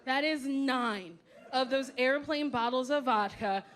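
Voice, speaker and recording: A woman doing stand-up, telling a drawn-out story. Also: high-pitched. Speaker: stand-up comedian. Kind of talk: stand-up routine. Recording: loud background noise.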